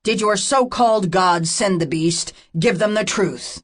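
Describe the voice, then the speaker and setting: A woman reading the lines of a stern half-orc warrior in an audiobook, speaking in forceful, commanding proclamations. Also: mid-range voice, measured pace, lightly acted.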